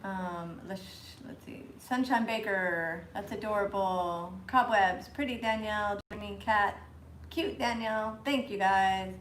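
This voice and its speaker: A woman co-hosting a live crafting stream, reading viewer comments aloud in an unhurried, giggly way. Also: medium pitch, fairly bright tone, roomy sound, slight background noise, low-quality recording. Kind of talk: casual chat on a live stream.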